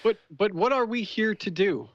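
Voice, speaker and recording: A man's voice: sits high, normal speed, dry recording. Stammering man on a dull remote line. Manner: dry, stammering restarts. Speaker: podcast guest and regular contributor. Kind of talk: casual podcast chat. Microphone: remote microphone, digital call.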